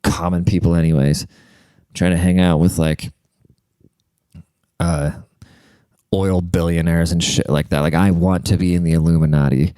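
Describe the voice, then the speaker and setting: A man's voice: low-pitched, flat delivery, normal speed, long pauses, dark tone, clear, resonant tone, no echo. A man hosting his own podcast alone, a comedian rambling in a profane, jokey way. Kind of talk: solo podcast monologue.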